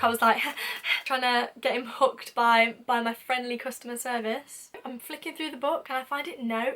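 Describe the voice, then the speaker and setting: A young woman telling a funny story to camera in a casual, lively way, acting out what people said. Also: high-pitched. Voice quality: lively, acts out quoted lines with sudden whispers and laughs. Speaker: vlogger.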